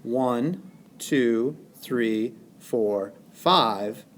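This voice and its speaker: A male teacher giving a recorded lesson, speaking deliberately and exaggerating stressed syllables. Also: medium pitch, a little hiss or hum. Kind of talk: recorded classroom lesson narration.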